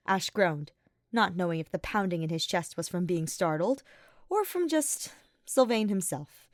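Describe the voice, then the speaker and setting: A woman narrating a fan fiction story in a steady, reflective reading voice. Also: fairly low pitch, normal speed, no echo, studio quality. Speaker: podfic reader.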